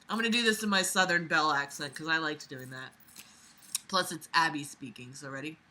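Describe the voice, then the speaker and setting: This woman reads a fan story out loud to mock it, breaking in with exasperated, sarcastic remarks and frequent swearing. She speaks in a low, pushed, bright voice at a slightly fast pace.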